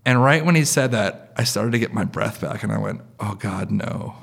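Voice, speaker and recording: Guy in his 30s or 40s telling a story on stage, super chatty, lots of "like", gravelly creaky voice. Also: medium pitch, lively intonation, brisk, fairly bright tone. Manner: loose and conversational, full of "like" and "you know". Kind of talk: live personal storytelling.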